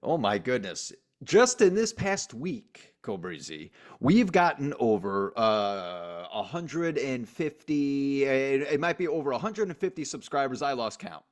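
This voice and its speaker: A man's voice: mid-range voice, a little slow, few pauses. A man co-hosting a sports podcast, chatting casually with lots of energy and frequent laughter. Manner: energetic, emphatic, laughs often. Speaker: podcast co-host. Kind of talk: casual chat.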